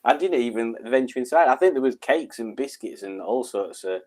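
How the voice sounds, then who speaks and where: A man's voice: mid-range voice, animated, normal speed, darkish tone. A man chatting casually on a live stream, reading out viewers' messages, rambling with ums and chuckles.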